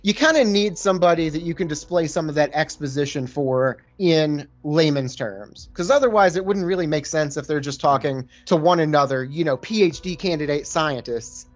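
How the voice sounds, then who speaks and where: A man's voice: on the high side, normal speed, hardly any pauses. A man co-hosting a podcast, chatting casually about a movie over beer and laughing at his own jokes. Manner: jokey, laughs at own lines. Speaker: podcast co-host.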